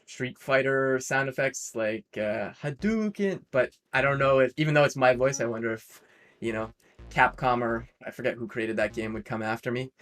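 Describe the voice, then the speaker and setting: A man's voice: mid-range voice, fairly bright tone. A Canadian man streaming a live coding session, thinking aloud and correcting himself as he types commands. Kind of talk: casual live-coding narration.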